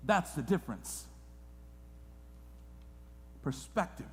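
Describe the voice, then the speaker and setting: A man preaches with passion in a fairly high voice, dropping to near-whispers and then rising loud. His words ring out with the long reverb of a church sanctuary. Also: lively intonation, slow pace, slight background noise. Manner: impassioned preaching, swinging from hushed to loud. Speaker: guest pastor. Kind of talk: sermon.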